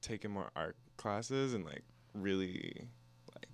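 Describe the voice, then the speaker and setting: A man in casual chat, wry and laid-back, quick to laugh. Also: low voice, very animated, vocal fry.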